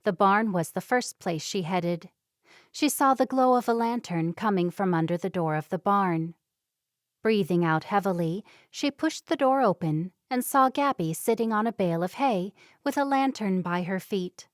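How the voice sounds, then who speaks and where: A woman's voice: mid-range voice, expressive, normal speed, dry recording, clean studio sound. Woman reading a romance audiobook. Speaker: audiobook narrator. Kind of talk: scripted narration.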